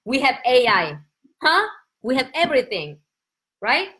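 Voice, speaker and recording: A woman from Korea speaks English with a Korean accent while teaching her language on a casual live stream. Her voice sits high and bright, and it leaps around as she chats and laughs. She sounds excitable and spontaneous. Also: a little slow, a little hiss or hum.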